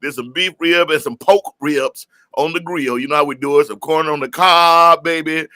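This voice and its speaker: A man hosting a live music stream in a relaxed chat, greeting viewers by name and talking in easygoing slang. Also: fairly high pitch, normal speed, no echo. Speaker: host of a live music show.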